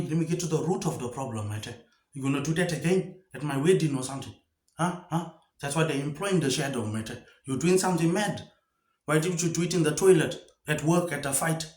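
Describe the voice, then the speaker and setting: Rambling man, slightly high voice, echoey room. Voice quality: ends nearly every phrase with "mate". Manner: rambling, repetitive, rhetorical questions. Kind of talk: rambling solo monologue.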